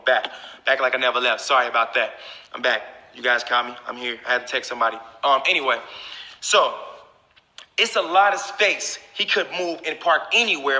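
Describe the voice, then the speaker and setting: Bright-voiced profane man, echoey room. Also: on the high side. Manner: profane, talks straight to viewers. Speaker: YouTuber. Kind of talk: casual storytelling to camera.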